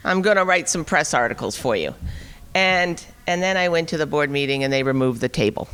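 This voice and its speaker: A woman's voice: low-pitched, fairly quick. Woman telling a wry story in a hall. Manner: animated, wry storyteller acting out dialogue. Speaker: speaker at a liberty forum. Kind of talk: storytelling talk. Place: conference hall. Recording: long reverb of a hall.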